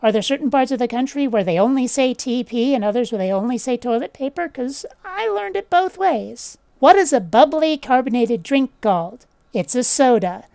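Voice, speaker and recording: A fairly high, smooth voice belongs to a woman talking straight to camera in a casual vlog. She is blunt and opinionated, dropping swear words without a second thought. The sound is dry and close. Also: expressive, moderate pace, mellow, no room sound. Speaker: channel host.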